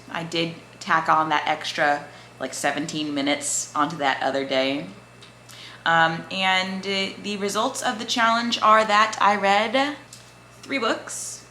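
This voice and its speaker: A woman's voice: medium pitch, unhurried, sharp tone, slight background noise. A young woman from the American South chatting casually in a reading vlog, rambling with lots of fillers. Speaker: book vlogger.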